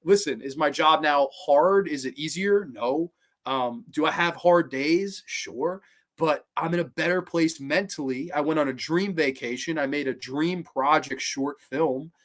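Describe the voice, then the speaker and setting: A man's voice: on the high side, a little slow, a bit bright. A young man hosting a casual livestream, rambling and swearing a lot as he reads out viewer comments. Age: young adult. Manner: rambling, heavily profane, many restarts. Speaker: livestream host.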